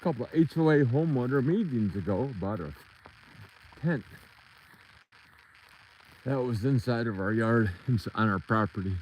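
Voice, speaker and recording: A man's voice: medium pitch, expressive, moderate pace, pauses often, darkish tone, slight background noise, poor audio. A man out of breath, rambling in casual chat on a livestream as he walks outdoors and calls to his dogs. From Michigan. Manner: rambling, talks to his dogs between thoughts. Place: outdoors on a rural property edge.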